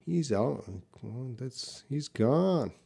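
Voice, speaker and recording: A man teaching English live, reading viewers' questions aloud and answering them one by one. He speaks in an unhurried, mid-pitched voice and builds each answer from short example sentences. He stays patient, though he can turn blunt when a comment annoys him. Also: expressive, creaky, mellow, slightly rough.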